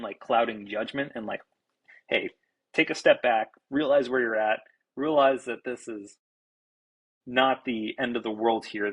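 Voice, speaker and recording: A young man, a baseball pitcher and podcast guest, telling a story in an animated, casual way, swearing freely and restarting his sentences. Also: husky, poor audio. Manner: animated, self-described fiery, swears freely, many restarts.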